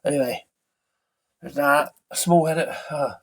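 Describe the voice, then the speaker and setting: A man's voice: fairly high pitch, steady tone, measured pace, fairly bright tone. Man rambling through a film recap. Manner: rambling, self-correcting retelling from memory. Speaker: film reviewer.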